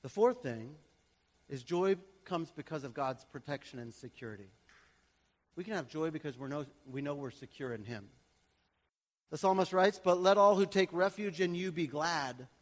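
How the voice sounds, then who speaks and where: A man in his thirties or forties, a pastor preaching a sermon to his church in a conversational way that swings between quiet, chatty asides and loud, emphatic passages. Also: fairly high pitch, lively intonation, normal speed. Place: church sanctuary. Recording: long hall reverb.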